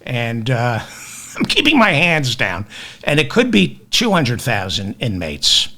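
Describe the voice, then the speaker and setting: Male comic news host: bright, sharp voice, unhurried but highly expressive, sarcastic rants. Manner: ranting, sarcastic, self-deprecating asides. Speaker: podcast host. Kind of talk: comedic news commentary.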